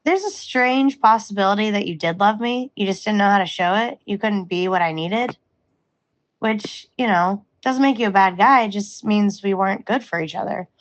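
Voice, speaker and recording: A woman's voice: mid-range voice, moderate pace. A young woman speaking straight to an ex in a candid monologue, blunt and emotional, swearing freely. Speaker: vlogger.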